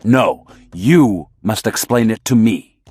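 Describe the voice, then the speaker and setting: A man voicing an old male sorcerer teacher in an audiobook, speaking slowly, insistently and in a mesmerizing way. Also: fairly low pitch, animated, a little mellow, husky, no room sound, soft background music, heavily acted. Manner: slow, insistent, mesmerizing delivery. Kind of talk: audiobook character reading.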